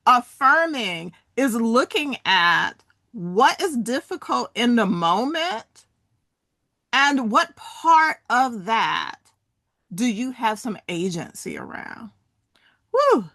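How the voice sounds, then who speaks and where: A woman presenter in middle age talks listeners through a wellness framework and guides them through spoken exercises. She speaks slowly, with a bright voice that swings widely in pitch. The sound is dry and close, with no room echo. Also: big pitch swings. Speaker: workshop presenter. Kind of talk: interactive wellness talk.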